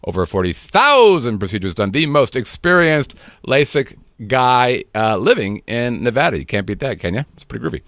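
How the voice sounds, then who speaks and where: A man's voice: mid-range voice, big pitch swings, normal speed, fairly bright tone, no echo, studio quality. A middle-aged man hosting a podcast in casual chat, joking and rambling with fillers and restarts. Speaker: podcast host.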